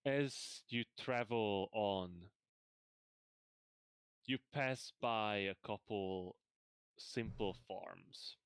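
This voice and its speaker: A man narrating a tabletop game as game master, slow and halting as he describes the scene. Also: fairly low pitch, clean tone, no room sound.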